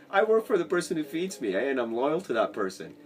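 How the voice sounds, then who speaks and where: A man's voice: fairly high pitch, very animated, a little fast. A man giving a casual, rambling sales lesson to camera from his basement apartment and often drifting off on tangents. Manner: rambling, chatty, goes off on tangents. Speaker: sales trainer.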